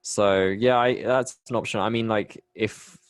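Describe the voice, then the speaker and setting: Young Bristol-accented man, low-pitched, rambling podcast guest in casual chat, dry sound. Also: fairly even intonation, measured pace, clean tone, dry recording. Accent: English, Bristol. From England. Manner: chatty, rambling, many restarts. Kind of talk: casual conversation.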